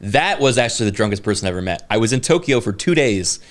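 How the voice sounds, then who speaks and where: A man's voice: on the low side, lively intonation, fast. A man in his thirties co-hosting a podcast, telling a story casually with many fillers and restarts. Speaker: podcast co-host. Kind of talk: casual chat.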